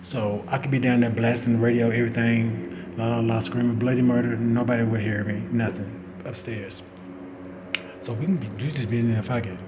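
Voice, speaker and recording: A man in his forties telling a personal story in a casual, animated way, swearing and acting out what people said. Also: mid-range voice, a little fast, background noise. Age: 40s. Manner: animated, profane, acting out quotes. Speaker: vlogger.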